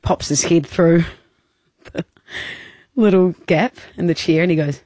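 A woman's voice: lowish voice, unhurried, mellow, dry recording. A woman with an Australian accent, co-hosting a radio show and telling a story with lots of giggles. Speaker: radio co-host. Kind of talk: casual radio banter.

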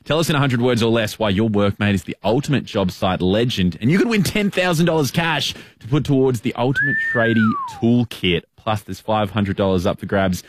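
A man's voice: mid-range voice, wildly swooping pitch, fairly quick, hardly any pauses, background noise. An Australian man working as a radio show's producer, easygoing and matter-of-fact, chatting and reading a promo. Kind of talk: casual chat and read ad. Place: radio studio.

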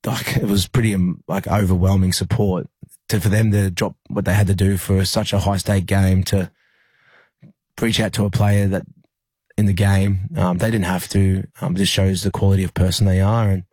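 A young Australian man, a rugby league player, telling a personal story in an interview, halting with many fillers and restarts. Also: deep voice, level tone, a little mellow, breathy edge, no echo.

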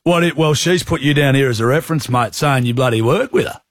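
A man putting on a broad rural Australian livestock agent, matey and blunt, husky voice, prank call. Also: mid-range voice, fast talker, no echo, natural voice.

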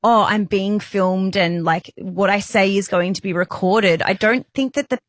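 A woman chatting on a podcast in a relaxed, thoughtful way. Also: mid-range voice, a little slow, dry recording, clean studio sound. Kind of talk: casual chat.

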